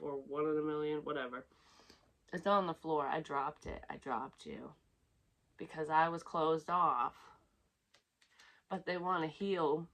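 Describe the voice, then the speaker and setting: Low-pitched woman giving a candid psychic reading. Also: fairly bright tone, rough recording. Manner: candid and profane, talks in a rambling flow. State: close to tears at times. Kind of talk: casual intuitive reading to camera.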